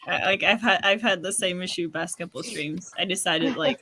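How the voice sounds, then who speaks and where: A woman's voice: lowish voice, moderate pace, hardly any pauses, background noise. A young woman co-hosting a livestream in casual group chat, trailing off with fillers and giggles. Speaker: stream co-host.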